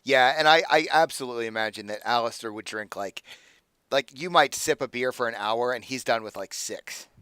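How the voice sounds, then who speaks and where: A man's voice: mid-range voice, a little fast, bright, forceful tone, clear, resonant tone, dry recording. A man narrating as game master of a tabletop game, with a loose, rambling delivery full of "like.".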